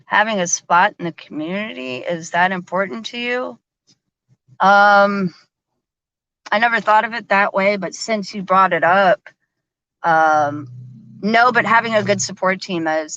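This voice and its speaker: A woman's voice: on the low side, unhurried, a bit bright, dry recording, dull audio. A woman hosting a live stream in casual chat, chatty, laughing often and using lots of fillers. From American South.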